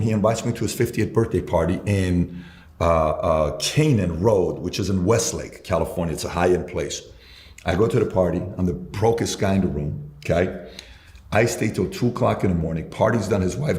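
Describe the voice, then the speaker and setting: Brief: male sales mentor, lower voice, spins animated anecdotes in a roomy space. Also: a little hiss or hum. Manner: emphatic storyteller, quotes himself in dialogue. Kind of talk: storytelling in conversation.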